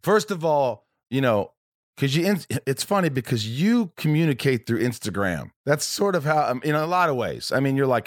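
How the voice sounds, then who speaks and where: A man's voice: mid-range voice, very animated, moderate pace, dry recording, studio quality. A man hosting a podcast in casual chat, rambling and profane with many restarts. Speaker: podcast host.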